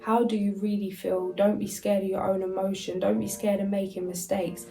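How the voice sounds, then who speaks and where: A woman's voice: mid-range voice, level tone, moderate pace, vocal fry, mellow, faint music behind, low-quality recording. A woman doing a casual spiritual card reading, reading card messages aloud and then chatting loosely with fillers. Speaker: tarot and oracle card reader.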